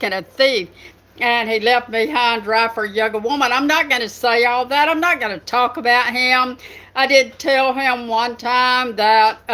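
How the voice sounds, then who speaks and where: A woman's voice: fairly high pitch, pushed and bright. An older woman with a Southern US accent, hosting her writing channel in a chatty, rambling live stream with lots of fillers. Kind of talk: casual live stream chat.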